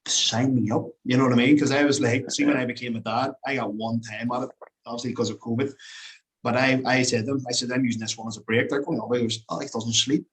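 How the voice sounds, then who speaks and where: A man's voice: medium pitch, fairly even intonation, fast, rough recording. A man hosting a podcast, chatting with energy and laughing often. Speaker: podcast host. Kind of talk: casual chat.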